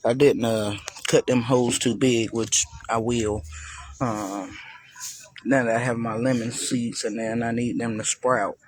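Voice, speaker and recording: Slow husky man touring his garden. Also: medium pitch, steady tone. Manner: slow, loose and chatty, addressing viewers as y'all. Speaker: gardening vlogger. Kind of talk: casual walk-through garden vlog. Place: outdoor garden.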